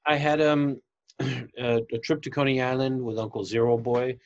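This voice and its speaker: A man, a voice actor, talking in a halting, self-deprecating way in a casual interview. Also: mid-range voice, fairly even intonation. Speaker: voice actor guest. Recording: dull lo-fi recording.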